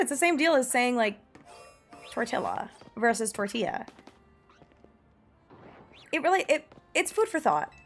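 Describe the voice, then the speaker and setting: Her voice is fairly high and a bit bright as this young American woman streams a game. The chat is casual and enthusiastic but scattered, heavy on "like" with the odd swear word, and faint game music can be heard.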